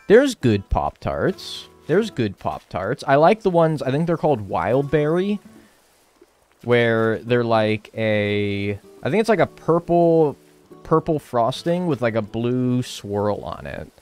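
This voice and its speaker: A man's voice: mid-range voice, a little mellow. A young American man streaming a game, chatting with his viewers in a playful, swearing, mock-arguing way. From United States. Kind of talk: casual chat while gaming, answering chat.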